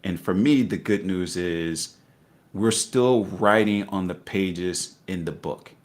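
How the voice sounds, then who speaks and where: A man's voice: low-pitched, takes it slowly. A middle-aged man telling his investing story in a casual interview, acting out voices with laughter. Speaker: guest investor.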